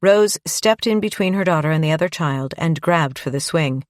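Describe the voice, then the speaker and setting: A woman narrating a suspense audiobook in a steady, measured way. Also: deep voice, no echo, clean studio sound. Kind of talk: scripted narration.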